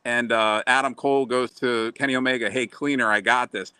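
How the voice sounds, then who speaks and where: Bright-voiced rambling man telling a story. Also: medium pitch, steady tone, brisk, smooth, no echo. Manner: rambling, swears freely. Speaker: podcast co-host and wrestling fan. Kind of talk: casual storytelling.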